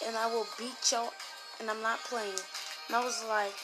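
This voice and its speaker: A woman telling a casual story about an online game in a rambling way, getting louder when she quotes other people. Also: on the high side, fairly even intonation, measured pace, music in the background. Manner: rambling retelling with raised voice when quoting others.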